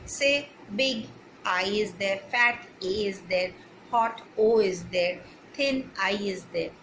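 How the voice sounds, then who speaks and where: A woman's voice: medium pitch, slow, a bit bright, a little hiss or hum, rough recording. A woman teaching English grammar to children, spelling words out letter by letter and checking that they follow.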